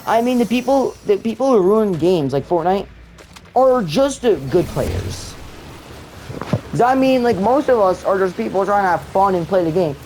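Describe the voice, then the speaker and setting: A man's voice: sits high, expressive, moderate pace, a little mellow, a little hiss or hum, low-quality recording. Young guy grumbling thru a shooter match, lots of "like", faint gunfire behind. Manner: rambling, complaining, many fillers and restarts. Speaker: gamer. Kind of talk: gameplay commentary.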